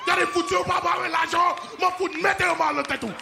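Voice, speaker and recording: An outraged Haitian man, played by a comedian, yelling and repeating his insults in a Haitian accent. His voice rides very high. A rowdy crowd and club noise fill the room. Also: fairly even intonation, moderate pace, vocal fry. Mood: furious. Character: furious Haitian man demanding his money.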